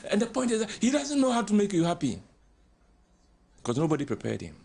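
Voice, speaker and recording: Speaking fast in a high voice with frequent pauses, an older man with a Ghanaian English accent offers easygoing counselling as a guest on the radio. He tells lively stories, performs the voices of people he quotes and laughs softly a lot.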